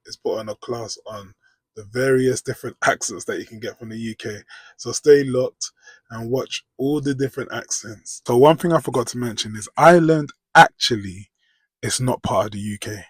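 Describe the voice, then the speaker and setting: A British man talks to camera in a loose, rambling way. He keeps asking "do you know what I mean". His voice is slightly husky, mid-pitched, and recorded close and dry. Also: moderate pace, no echo. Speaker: vlogger. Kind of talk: casual reaction commentary.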